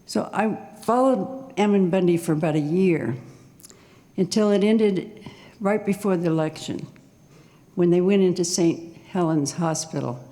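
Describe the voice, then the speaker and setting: A woman in her sixties telling her own story on stage at a live storytelling night, nervous and halting, with small laughs. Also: fairly low pitch, warm tone, in a large hall.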